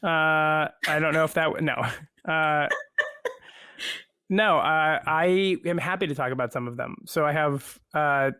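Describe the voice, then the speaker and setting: A man's voice: on the high side, slow, pushed and bright, clear, resonant tone, dry recording. A man with a slightly raised voice talks loosely from home over a video call, laughing easily and poking fun at himself. The sound is close and dry, with no room around him. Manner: chatty, self-deprecating, laughs often. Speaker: guest actor. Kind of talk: casual video-call interview.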